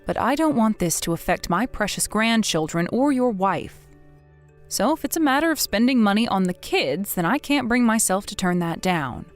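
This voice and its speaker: A woman's voice: mid-range voice, expressive, soft background music, natural voice. A woman playing a stern, blunt older mother. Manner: measured, firm, scolding. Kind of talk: scripted text-message drama reading.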